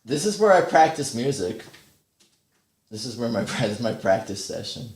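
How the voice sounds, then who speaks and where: A man hosting a casual livestream while practicing guitar, rambling, thinking out loud and putting himself down. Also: medium pitch, big pitch swings, moderate pace, reverberant. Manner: rambling, thinks aloud, self-deprecating. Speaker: livestream host. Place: home practice room. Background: guitar playing.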